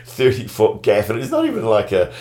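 A man, telling a story in a relaxed, slangy way. He keeps it loose and casual, with sudden bursts of excitement. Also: on the low side, brisk. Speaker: guest.

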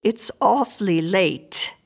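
A woman's voice: mid-range voice, lively intonation, slow, vocal fry, heavily acted. A woman voicing a timid, flustered older woman who talks hesitantly and nervously in a storybook reading.

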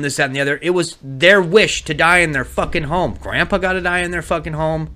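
A man's voice: on the high side, a little fast, pushed and bright. A man co-hosting a casual podcast, ranting heatedly and swearing a lot. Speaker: podcast co-host.

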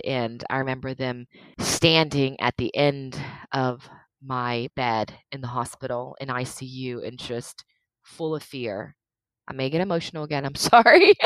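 A woman's voice: deep voice, no echo. A woman in her thirties telling her own story as an interview guest, earnest and emotional, laughing often. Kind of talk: candid interview conversation.

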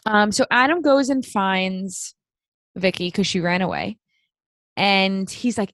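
Animated woman co-host, casual recap, dry close mic. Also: mid-range voice, takes it slowly, no room sound. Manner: animated, acts out quotes. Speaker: podcast co-host. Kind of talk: casual chat recapping a book.

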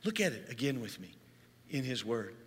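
A man's voice: mid-range voice, very animated, normal speed, slightly rough. A middle-aged man preaching a sermon, telling a story in an earnest way that builds in intensity. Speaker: pastor. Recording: long hall reverb.

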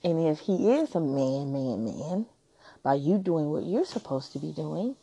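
A woman's voice: low-pitched, very animated, a little slow, gravelly, dark tone, husky, no echo. A woman hosting a relationship advice podcast, talking frankly and teasingly in a casual monologue.

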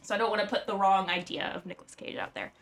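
A young woman recounts a story on a casual podcast, chatty and loose. Her talk is full of "like" and "um", and she laughs easily. Her pitch sits in a middle range. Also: steady tone, quick pace, a bit bright, slight background noise. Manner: chatty, lots of "like" and "um", laughs often. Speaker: podcast host.

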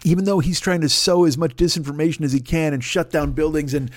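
A man hosting a podcast, ranting in a loud, profane, mocking way and acting out other people's voices. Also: a little high, fairly even intonation, quick pace, no room sound, studio quality. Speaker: podcast host. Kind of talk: profane political rant.

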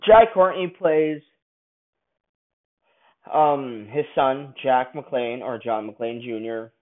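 A man angrily ranting through a movie review, swearing often and bursting out loudly now and then. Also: medium pitch, slow pace. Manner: angry, profane ranting with sudden loud outbursts. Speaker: film reviewer. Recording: tinny phone-like sound.

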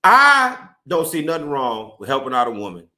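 A man hosting a casual, profane chat, animated and laughing often, repeating his phrases as he riffs. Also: medium pitch, normal speed. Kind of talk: casual podcast banter.

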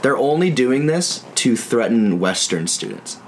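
A man's voice: mid-range voice, sing-song, unhurried, slight background noise. A young man hosting a podcast, bantering casually and teasing his friends with plenty of swearing. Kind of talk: casual chat.

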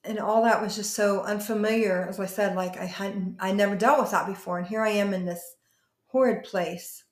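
A woman pastor telling her personal testimony in an interview, earnest and emotional, often halting and restarting. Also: medium pitch, steady tone, reverberant.

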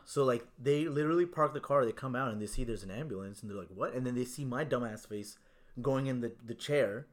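A man's voice: medium pitch, brisk. A young man telling a story in casual chat, laid-back and swearing freely, with lots of "like" and "bro".

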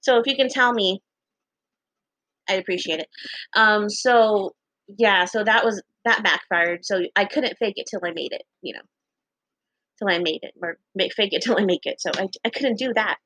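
A young woman casually telling a story to her viewers, chatty and laughing often, acting out what people said with big jumps in pitch and casual swearing. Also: normal speed, bright, forceful tone, no echo, rough recording.

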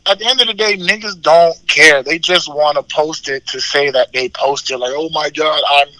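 A man's voice: a little high, moderate pace, bright, forceful tone, dry recording, rough recording. A man co-hosting a casual podcast chat, blunt and profane, laughing often. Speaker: podcast co-host.

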